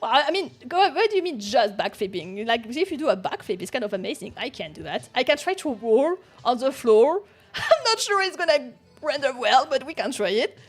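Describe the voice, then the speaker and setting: Giggly high-voiced woman streamer. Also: big pitch swings, a little fast, soft background music. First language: not English. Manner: giggly, chatty, frequent laughs and restarts. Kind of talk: casual chat.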